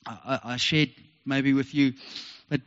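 Earnest South African pastor preaching. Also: male voice, medium pitch, steady tone, unhurried, a bit bright. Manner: earnest, repetitive, heartfelt. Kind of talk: sermon. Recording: dull lo-fi recording with long reverb.

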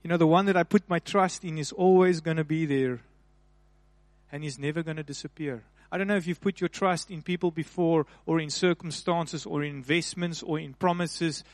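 A male pastor preaching a sermon, repeating and slowly stressing key phrases with rising emphasis. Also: fairly high pitch, fairly even intonation, no room sound.

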